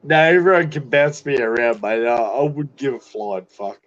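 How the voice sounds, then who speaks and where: An Australian man trades crude, laughing banter on a stream, swearing freely and sounding a little drunk. His voice sits at a middling pitch, and the audio comes through dull and lo-fi. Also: moderate pace. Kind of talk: casual banter.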